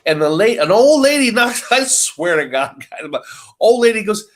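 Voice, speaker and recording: A man in a casual podcast chat, telling an animated story, swearing freely and acting out what people said. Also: high voice, moderate pace. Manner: animated storyteller who swears and acts out quotes.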